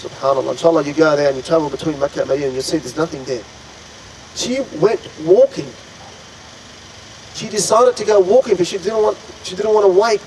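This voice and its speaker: A man tells a religious story to listeners in a somewhat high voice, earnest and dramatic, often stopping to marvel aloud. A faint hum of air conditioning sits behind him. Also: a little fast, a little mellow, low-quality recording. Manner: earnest, dramatic, frequent pious exclamations. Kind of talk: retelling an Islamic story to an audience.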